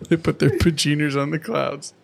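A man's voice: a little high, gravelly. Casual podcast co-host, man in his thirties, crude and giggly recapper. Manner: laughing, profane storytelling with quick voice impressions.

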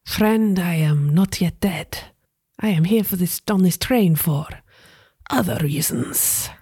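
A woman voicing a suave, grandiose male outlaw gunslinger in a husky, hushed voice in a tabletop role-play. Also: fairly low pitch, takes it slowly, dry recording, studio quality. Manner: hushed, husky whispery delivery.

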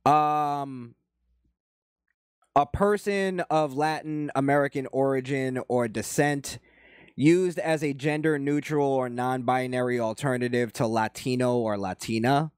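A man talks through a video he is reacting to, in loose casual commentary that rambles and stops to restart. His voice sits at an ordinary middle pitch. The sound is dry and close, with no room around it. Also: steady tone, smooth, dry recording. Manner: rambling, halting, profane.

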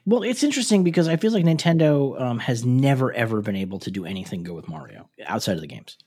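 A man's voice: medium pitch, big pitch swings, fast, mellow, breathy edge. A man in his thirties chatting casually and sardonically, with fillers and restarts. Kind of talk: casual chat.

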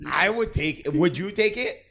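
A man in a casual basketball podcast chat, animated and repeating himself as he acts out players. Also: high-pitched, moderate pace, creaky. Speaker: podcast panelist.

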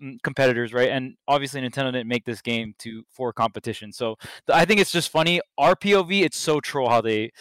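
A man with a smooth, clear voice and a dry sound close to the mic, chatting in a teasing, wry way with his co-hosts. His pitch sits in the middle. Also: brisk, hardly any pauses, fairly bright tone, no room sound, poor audio. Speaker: podcast co-host. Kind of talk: casual chat.

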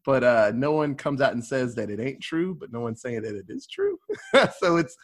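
A man's voice: mid-range voice, sing-song, moderate pace. A man hosting a casual movie podcast, talking loosely and rambling with plenty of fillers and swearing. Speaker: podcast host.

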